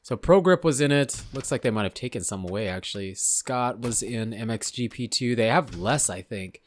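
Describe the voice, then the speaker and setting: A young man, slightly hoarse, casually talking through a video game's menus, rambling and often unsure of himself. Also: medium pitch, lively intonation, normal speed. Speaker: gaming YouTuber. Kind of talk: casual gameplay commentary.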